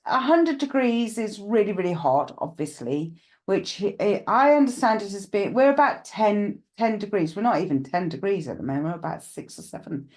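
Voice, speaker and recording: A woman's voice: mid-range voice, animated, moderate pace, hardly any pauses, a little mellow. A woman with a slight cough, hosting a live psychic stream from home, chatting casually and greeting viewers by name with rambling asides.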